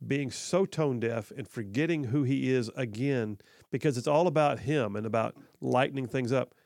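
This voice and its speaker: A man's voice: medium pitch, darkish tone, dry recording, clean studio sound. Opinionated male talk radio host. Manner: opinionated, repeats points for emphasis. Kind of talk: conversational political talk radio.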